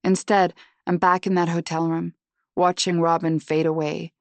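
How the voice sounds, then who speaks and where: Woman, lower voice, first-person audiobook narration, dry close recording. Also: flat delivery, moderate pace, no echo.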